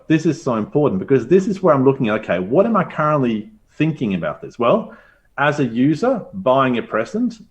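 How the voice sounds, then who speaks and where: Lively man leading a teachers' workshop. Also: medium pitch, dull audio. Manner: animated, acts out inner thoughts in quoted asides.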